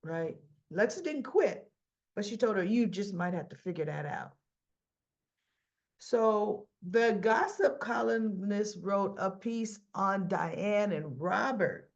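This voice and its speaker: Gravelly woman chatting through a soap recap. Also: medium pitch, lively intonation, slow pace, dull audio. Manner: chatty retelling with quoted dialogue, fillers and self-corrections. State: rough-sounding voice. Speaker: soap opera recap vlogger. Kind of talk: casual episode recap.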